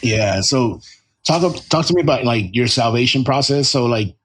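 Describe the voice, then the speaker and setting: A man's voice: mid-range voice, expressive, normal speed, slightly rough. A man hosting a faith podcast, interviewing a guest in a laid-back, casual way. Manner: laid-back, many fillers and restarts. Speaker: podcast host.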